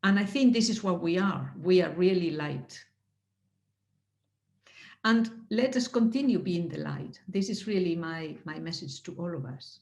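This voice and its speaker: A woman giving heartfelt closing remarks on a video call, earnest and halting, with many restarts and moments of emotion. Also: on the low side, animated, creaky. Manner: emotional, laughing softly. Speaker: speaker at a network anniversary. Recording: roomy echo.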